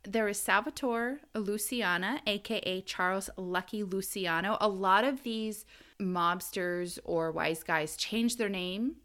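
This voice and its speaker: Bright-voiced giggly woman podcaster. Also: medium pitch, measured pace. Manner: chatty, giggly, self-deprecating. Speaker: podcast co-host presenting the episode research. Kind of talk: casual podcast chat.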